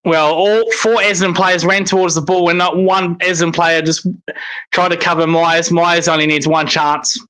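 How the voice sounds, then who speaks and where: Male fan caller, bright forceful voice, excitable and sweary. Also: fairly high pitch, normal speed, low-quality recording. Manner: excitable, swears in frustrated outbursts. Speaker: football fan commentator. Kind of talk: live watch-along commentary.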